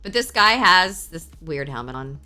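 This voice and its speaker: Woman streamer, casual and profane, bright tone, big pitch swings, slow delivery. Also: soft background music. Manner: profane, excitable, reacts to chat aloud. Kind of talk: casual live-stream chat.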